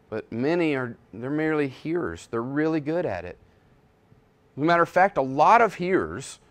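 A man preaching a sermon as pastor, swinging between hushed and loud, emphatic passages, often restarting his words. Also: mid-range voice. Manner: frequent self-restarts and repetitions.

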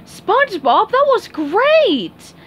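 A woman's voice: extremely high pitch, lively intonation, normal speed, slight background noise, voice pushed up. A woman voicing a spirited young female squirrel in a storybook reading, emphatic. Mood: warm.

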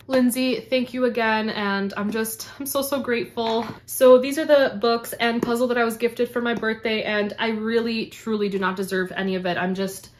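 A woman's voice: on the high side, fairly even intonation, normal speed, slight background noise. Gushing young woman vlogging book gifts. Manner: gushing, effusive, repeats "so, so". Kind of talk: casual unboxing chat to camera.

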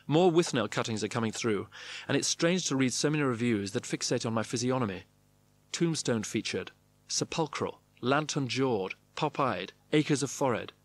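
Brief: man narrating a memoir, clipped, dry diary phrasing, mid-pitched voice. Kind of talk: reading a memoir diary aloud.

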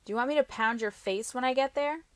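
A cocky young man in a romance audiobook, teasing and quick to swear, read by a woman. The voice sits on the low side and sounds close and dry, with no room around it. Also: dry recording, natural voice. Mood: irritated. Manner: teasing, blunt, swears easily. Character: young man, cocky fighter, tender with girlfriend. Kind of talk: audiobook character reading.

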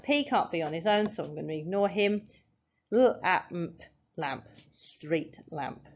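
A woman's voice: fairly low pitch, animated. Patient woman teaching phonics, lo-fi. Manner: patient, step-by-step, sounds out letters slowly. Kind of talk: phonics lesson, explaining at a board.

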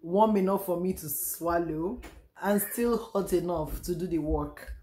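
Hoarse Nigerian woman vlogging. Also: lowish voice, unhurried, warm tone, a little hiss or hum. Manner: chatty, repeats herself, sighs and trails off. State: hoarse, losing her voice. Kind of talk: casual home vlog chat. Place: room at home.

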